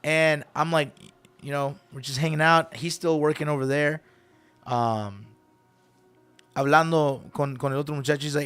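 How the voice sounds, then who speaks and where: Middle-aged male radio host, lively anecdote teller, voice a little on the high side. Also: normal speed, pauses often, smooth. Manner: animated, acts out quoted voices, switches between English and Spanish. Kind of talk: casual storytelling.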